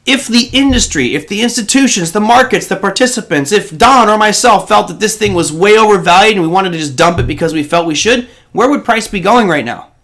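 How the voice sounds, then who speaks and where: A man's voice: sits high, lively intonation, brisk, a bit bright. A man hosting a live trading show, explaining stock charts in a loose, conversational way. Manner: conversational and explanatory, with frequent ums and restarts. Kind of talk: live market commentary.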